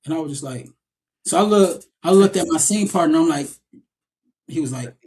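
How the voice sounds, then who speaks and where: A man's voice: fairly high pitch, lively intonation, normal speed, darkish tone. A man being interviewed as an actor guest over a video call, telling stories in a rambling casual way with many restarts.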